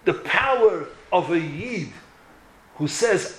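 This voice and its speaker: Man, rabbi, sermon, impassioned, bright voice, roomy echo. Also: sits high, animated, normal speed. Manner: impassioned, builds to emphatic peaks.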